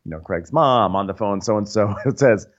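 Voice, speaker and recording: A man co-hosting a podcast, recapping a reality show in comedic chat with animated storytelling. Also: fairly low pitch, moderate pace, dull audio. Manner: animated storytelling, slips into silly impressions. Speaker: podcast co-host.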